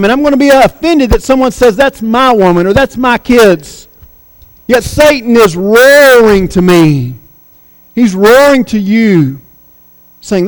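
A preacher with a strikingly high voice delivers a sermon in slow, emphatic phrases, dropping into dramatic voices for quotes. His close, dry voice carries a long reverb tail from the church sanctuary. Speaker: pastor.

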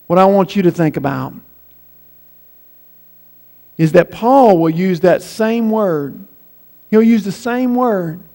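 High-voiced preacher in a reverberant church. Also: male voice. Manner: emphatic, slows right down on key phrases. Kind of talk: sermon. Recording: long reverb in a big room.

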